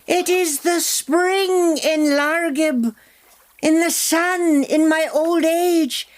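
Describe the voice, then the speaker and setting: An actress voicing a very old village woman who speaks softly and wistfully in a radio drama. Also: very high voice, heavily acted. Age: older. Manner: soft, slow and wistful.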